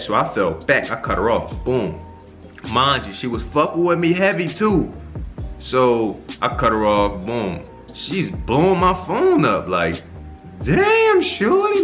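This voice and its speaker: A young man vlogging a casual storytime, animated and full of slang and swearing, his pitch leaping up whenever he acts out his own reactions. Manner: animated, profane slang-heavy storytelling with sharp jumps in pitch on quoted reactions.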